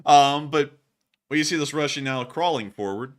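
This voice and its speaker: A man's voice: fairly high pitch, moderate pace. A man hosting a livestream, commenting on war footage in a casual, jokey way with lots of laughter. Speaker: stream host.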